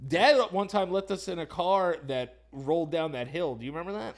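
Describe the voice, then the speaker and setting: A man's voice: fairly high pitch, a little fast. A man co-hosting a podcast, telling loose, profane stories in casual chat and quoting people in funny voices. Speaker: podcast co-host.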